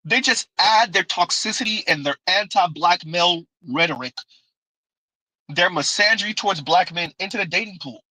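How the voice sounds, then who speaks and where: A man's voice: sits high, moderate pace, pushed and bright, dry recording, rough recording. A man giving sarcastic, preachy livestream commentary, reading super chats and often tossing in "Huh?" and "Right?". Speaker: commentary streamer. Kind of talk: livestream commentary reacting to clips.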